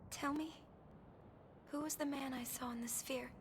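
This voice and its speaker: An actress playing an earnest young heroine who speaks softly and sincerely. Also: female voice, high voice, steady tone, moderate pace, a little hiss or hum. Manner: soft-spoken and earnest.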